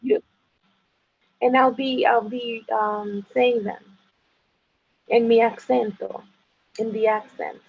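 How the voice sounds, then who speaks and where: A woman who grew up speaking chats playfully and flirtatiously as a guest, quick to laugh. Her slightly high, raspy voice has gravel at the edges and a steady tone, heard over a dull, muffled call line.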